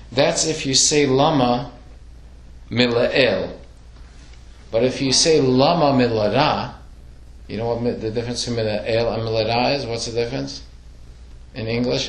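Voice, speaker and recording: A man's voice: medium pitch, steady tone, moderate pace, a bit bright, roomy sound. A man leading a casual religious study class, asking the group questions as he explains. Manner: questioning, conversational, asks the class. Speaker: class teacher.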